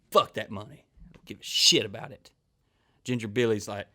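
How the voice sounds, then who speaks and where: A man's voice: on the low side, fast, fairly bright tone. Profane rambling man, comedian. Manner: crude, rambling, swears constantly, acts out quoted people. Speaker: comedian podcast host. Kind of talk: profane storytelling monologue.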